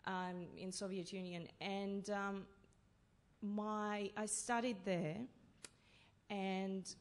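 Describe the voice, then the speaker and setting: A woman from Russia, telling stories as a playwright on a festival panel, halting and full of fillers. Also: medium pitch, level tone. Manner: halting, with many fillers and restarts. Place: festival talk session in a hall.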